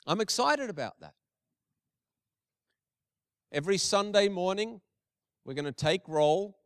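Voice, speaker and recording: Middle-aged male pastor, high clear voice, dry and close, preaches casually with emphatic repetition. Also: expressive, a little slow, fairly bright tone, dry recording. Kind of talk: sermon.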